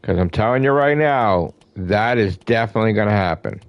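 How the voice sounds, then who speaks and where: A man with a lowish voice rants as an excited fan, swearing freely and hammering the same phrases again and again. The sound is dry and close, with no room echo. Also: brisk, dull audio. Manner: emphatic, profane, repeats himself. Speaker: gaming channel host. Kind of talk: excited fan rant to camera.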